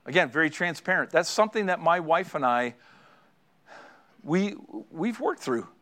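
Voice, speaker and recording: High-voiced earnest middle-aged preacher man. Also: animated, normal speed, bright, forceful tone. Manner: earnest, exhorting, with repeated emphatic phrases. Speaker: pastor. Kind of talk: sermon.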